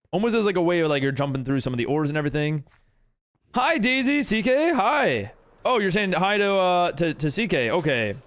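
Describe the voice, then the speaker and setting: An American man talks casually through a live game stream, reading messages from his chat and answering them as he builds. His voice sits fairly high for a man, and his pitch swings widely as he talks. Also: fairly bright tone. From United States. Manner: chatty, reads and answers chat while building.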